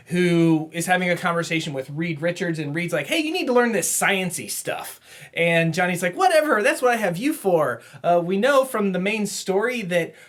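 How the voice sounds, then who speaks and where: A man co-hosting a comic book podcast, casually recapping plots and quoting characters in quick put-on voices, laughing often. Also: sits high, fairly bright tone. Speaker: podcast co-host. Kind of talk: casual comic review chat.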